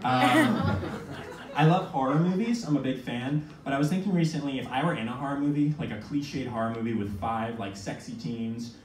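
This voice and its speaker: A young man in his twenties performing a stand-up comedy set, telling self-mocking stories with quick asides. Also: medium pitch, animated. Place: small comedy venue with audience. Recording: echoey room from a far mic, noisy.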